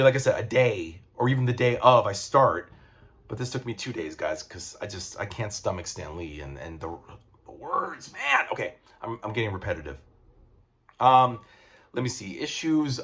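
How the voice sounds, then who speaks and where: A man's voice: mid-range voice, a bit bright. A man reviewing comic books in a casual video, rambling with lots of fillers, restarts and swearing.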